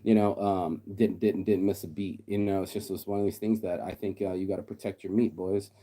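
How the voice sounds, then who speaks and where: Brief: middle-aged man, low dark voice, quick blunt profane rant, mocks others. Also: fairly even intonation. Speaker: vlogger. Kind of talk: casual ranting monologue.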